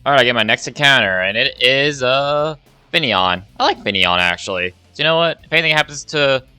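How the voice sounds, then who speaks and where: A man's voice: mid-range voice, lively intonation, a little fast, sharp tone, smooth, no echo, soft background music. A young man giving a rambling, casual play-by-play of a video game run, swearing and sighing at his losses. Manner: rambling play-by-play, swears, sighs when frustrated. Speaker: gaming YouTuber.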